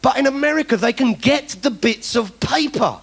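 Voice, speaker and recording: A man's voice: very high-pitched, expressive, normal speed, creaky, a bit bright, breathy edge. A man doing stand-up political comedy, ranting in mock indignation with plenty of swearing. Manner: acts out other people's voices.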